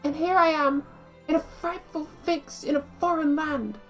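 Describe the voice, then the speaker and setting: A woman's voice: high-pitched, steady tone, measured pace, soft background music, pitched above the performer's own voice, low-quality recording. A woman voicing an earnest young male lawyer in a game, reading his lines formally with a British accent.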